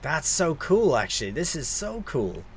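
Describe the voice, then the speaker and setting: A man's voice: a little high, big pitch swings, moderate pace, a little hiss or hum. A young man casually commentating his gameplay on a live stream, chatting to viewers and swearing now and then.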